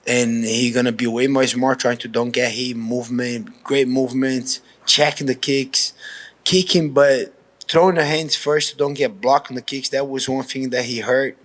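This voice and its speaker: A man's voice: medium pitch, fairly even intonation, normal speed, fairly bright tone. A man with a Brazilian accent, a professional fighter answering questions in a pre-fight media interview, talking frankly and casually, often restarting his sentences.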